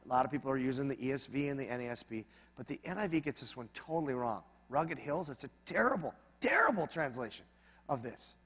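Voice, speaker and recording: A man preaching a sermon as pastor, in a conversational, animated manner with humorous asides. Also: medium pitch, quick pace, slightly rough, in a large hall.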